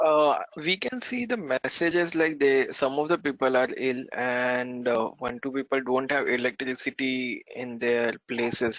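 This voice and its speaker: A young man explains a situation to his teacher during an online class, pausing as he talks. His voice has a medium pitch. The audio is dry, with no room sound. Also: a bit bright, no room sound, poor audio. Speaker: student. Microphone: video call.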